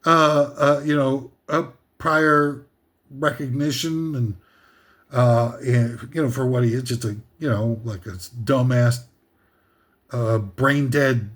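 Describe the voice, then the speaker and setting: Hosting a comedy countdown, this man speaks slowly in a steady, mid-range voice with a touch of brightness. His sarcastic rant wanders off constantly, full of fillers, side comments and laughter.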